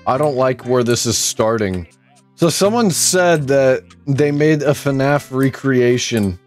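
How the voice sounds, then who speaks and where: With faint music behind him, a man speaks slowly in a medium-pitched, slightly mellow voice as he commentates his gameplay for YouTube. In this let's play, he exclaims, gripes, and mocks himself throughout.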